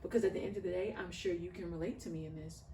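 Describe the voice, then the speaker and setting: A woman's voice: on the low side, steady tone, rapid-fire, mellow, distant mic. A woman in her thirties, a mother and podcast guest, speaking earnestly and heartfeltly in a casual interview, with a preaching lilt. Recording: roomy echo, off-mic, faint background noise.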